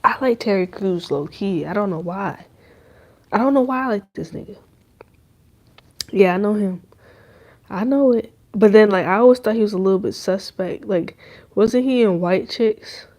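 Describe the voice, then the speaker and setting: A woman's voice: mid-range voice, normal speed, long pauses, mellow. A young adult woman hosting a podcast, rambling in loose, profane slang in casual chat. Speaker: podcast host.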